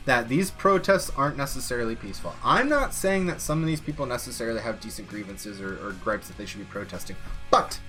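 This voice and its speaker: A man's voice: medium pitch, expressive, fast talker, bright, forceful tone, soft background music. A young American man ranting profanely on a political commentary stream. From United States.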